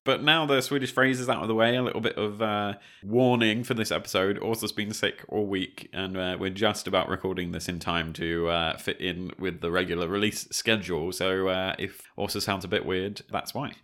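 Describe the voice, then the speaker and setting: A man's voice: low voice, steady tone, moderate pace, hardly any pauses, bright, forceful tone. A man co-hosting a history podcast from home, moving between easygoing chat and narration. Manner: easygoing, with frequent fillers. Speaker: podcast co-host. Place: home flat.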